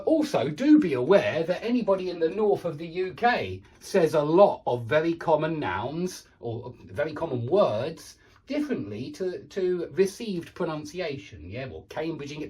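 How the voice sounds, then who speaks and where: A British man teaching English pronunciation, explaining at a steady working pace and thinking aloud with frequent ums and uhs. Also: on the high side, recorded from a distance. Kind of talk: pronunciation lesson.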